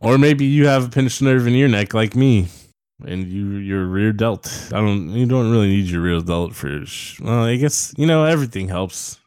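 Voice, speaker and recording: A man co-hosting a podcast in loose, casual chat, trading deadpan jokes. His voice sits low and sounds smooth and resonant. The close mic leaves it dry, with no room sound. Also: normal speed, no room sound. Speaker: podcast co-host.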